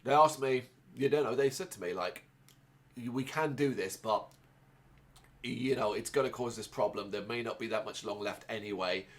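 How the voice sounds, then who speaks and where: A man's voice: medium pitch, normal speed. A man, hosting a podcast and telling a rambling, emotional personal story, restarting often and swearing. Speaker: podcast host.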